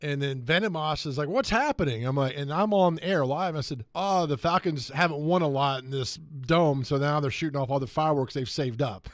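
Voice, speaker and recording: A man hosting sports talk radio, telling animated anecdotes and laughing as he goes. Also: on the high side, a little fast, hardly any pauses. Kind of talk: casual sports talk storytelling.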